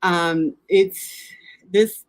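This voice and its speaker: Lower-voiced woman, halting and emotional. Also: steady tone, no room sound. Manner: halting, with frequent ums and restarts; emotional, near tears at times. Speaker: grief recovery coach and podcast host. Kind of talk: heartfelt personal address.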